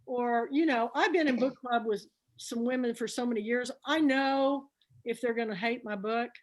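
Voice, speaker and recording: A middle-aged woman telling stories to a group, chatty and animated, acting out what people said. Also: fairly high pitch, normal speed. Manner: chatty, animated storyteller who acts out dialogue. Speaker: book club founder speaking to a group. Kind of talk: storytelling talk.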